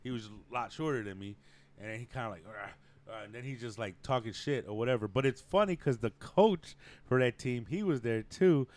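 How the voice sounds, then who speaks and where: A man's voice: mid-range voice, expressive, a little fast, darkish tone. A young man telling a long story on a podcast, rambling and profane and laughing often. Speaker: podcast co-host. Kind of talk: casual storytelling.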